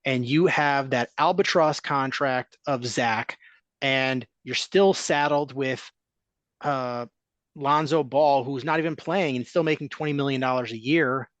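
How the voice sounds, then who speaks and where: A man's voice: mid-range voice, a little slow, a bit bright, no room sound. A man hosting a casual sports podcast, ranting as he stacks up complaints.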